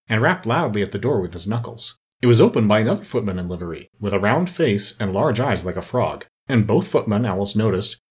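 A man narrating an audiobook with an expressive, varied delivery. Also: mid-range voice, husky.

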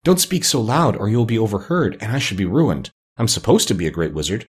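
A man's voice: on the low side, very animated, slightly rough, full character voice. Casting: man doing a timid, trembling old humbug wizard, storybook reading. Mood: meek. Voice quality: trembling and meek as the little man. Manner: slow and solemn as the unseen voice.

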